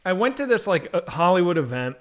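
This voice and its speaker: A man's voice: high-pitched, big pitch swings, brisk. A man co-hosting a comedy stream, chatting casually and telling a funny story with lots of animation. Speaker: comedy show co-host.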